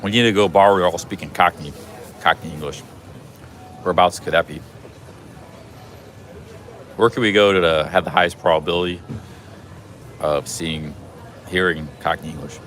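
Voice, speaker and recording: A man's voice: deep voice, steady tone, moderate pace, pauses often, fairly bright tone, slight background noise. A man live-streaming a travel vlog from a busy city street outdoors, chatting in a rambling way with many restarts. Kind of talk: casual walking live stream.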